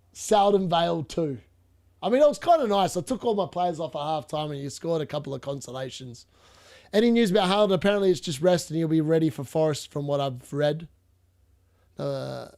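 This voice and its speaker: The same kind of stream, a casual fantasy football broadcast, features an Australian host from Perth, Western Australia who rambles and chats with viewers, speaking bluntly and laughing a lot. He has a fairly high, gravelly voice with a darkish tone.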